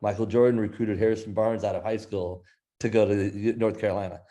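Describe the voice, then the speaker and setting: A middle-aged man from Iowa, appearing as a guest author on a business interview show, tells a long personal anecdote a little fast. His voice is slightly low, mellow and relaxed, and he animatedly acts out what everyone said, quoting them in his own voice.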